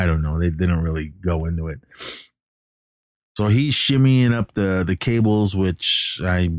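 A deep-voiced man recaps a movie in a loose, rambling way, full of pauses and restarts. The sound is dry and close, with almost no room in it. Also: dry recording. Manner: rambling, hesitant, many fillers and restarts.

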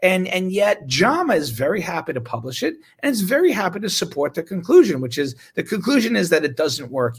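A man's voice: fairly high pitch, vocal fry, slightly rough. A man, a physician, giving an indignant, sarcastic talk about medical research, with bursts of laughter. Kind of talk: impassioned talk.

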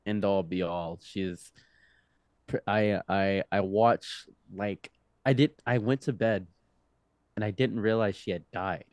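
A young man in his twenties, a podcast guest telling a story in a loose, animated way, with laughs, restarts and swearing. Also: lowish voice, measured pace, dry recording. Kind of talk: casual storytelling.

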